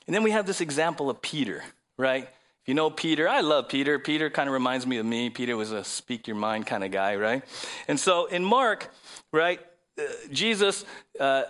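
A man's voice: sits high, fairly bright tone. A man preaching a sermon, asking rhetorical questions and reading scripture aloud. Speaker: pastor.

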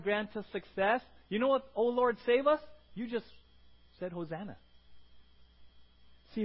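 A man preaching to his congregation in an animated way, often checking in with "right?" and bursting into acted shouts. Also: high-pitched, husky. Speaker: pastor. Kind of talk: sermon. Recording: muffled lo-fi sermon recording.

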